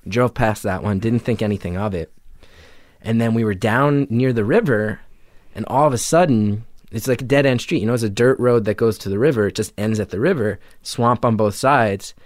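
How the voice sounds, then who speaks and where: Give me a man from New Jersey telling an animated story, dry and close to the mic. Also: on the low side, moderate pace, dry recording. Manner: animated, acts out quotes, many filler "like"s. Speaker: comedian guest. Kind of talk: casual storytelling in conversation.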